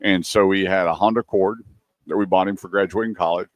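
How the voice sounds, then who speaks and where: A low-voiced man spins a casual story on a radio show. He acts out each quote as he goes. The sound is dry and close. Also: steady tone, fast, no echo, muffled recording.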